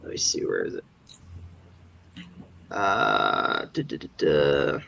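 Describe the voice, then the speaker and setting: A man's voice: a bass voice, very animated, slow, vocal fry, bright, forceful tone, muffled recording, slight background noise. A man guesting on a casual livestream, chatting in an offhand, rambling way.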